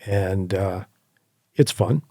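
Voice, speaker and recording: Man guest, low mellow voice, lively yarn-spinning, dry close podcast mic. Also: extremely slow, no echo. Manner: animated anecdotes with quoted asides and laughs. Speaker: podcast guest, horseback hunter. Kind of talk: casual interview storytelling.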